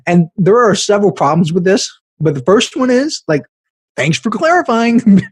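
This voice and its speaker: A man hosting a podcast, giving blunt, animated business advice in a casual way and laughing at himself now and then. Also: high-pitched, normal speed, husky, no echo. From American Midwest. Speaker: podcast host, business coach.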